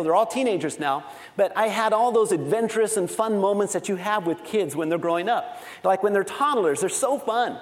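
A man's voice: sits high, in a large hall. A middle-aged man preaching a sermon, telling family stories with a laughing, self-deprecating manner. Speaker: pastor.

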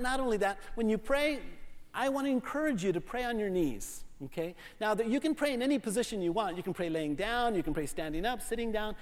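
A man preaching a sermon with animated, joking delivery, acting out the people he quotes and laughing often. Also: sits high, big-room sound. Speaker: pastor.

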